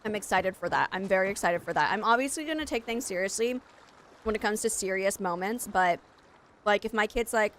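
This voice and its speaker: A woman's voice: mid-range voice, lively intonation, brisk, fairly bright tone, a little hiss or hum. A young adult woman streaming a game, chatting casually and rambling straight to her viewers. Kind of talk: casual live-stream chat.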